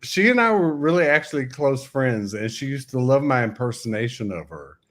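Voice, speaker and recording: A man in his sixties hosts a casual livestream, spinning stories in a wry, joking way. His voice sits at an ordinary mid pitch. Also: expressive, moderate pace, fairly bright tone. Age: 60s. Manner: chatty storyteller, wry and joking.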